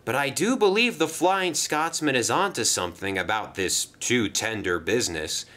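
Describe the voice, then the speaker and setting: A man voicing a cheeky prankster steam engine in a lifted, sly, quick voice. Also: mid-range voice, expressive, pushed and bright.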